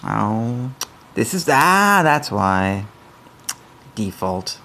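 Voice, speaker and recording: Gravelly-voiced rambling male streamer. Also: fairly low pitch, sing-song, very slow, pushed and bright. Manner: rambling, stammering, self-interrupting. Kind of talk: casual live stream chat.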